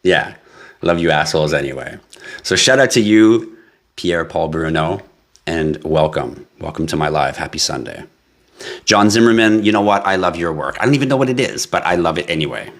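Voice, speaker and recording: A man from Canada runs a casual livestream in a somewhat low voice. He swears freely and teases his viewers while reading out their comments. His delivery stays lively and playful throughout. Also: moderate pace. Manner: profane, teasing, animated. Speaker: crypto livestream host.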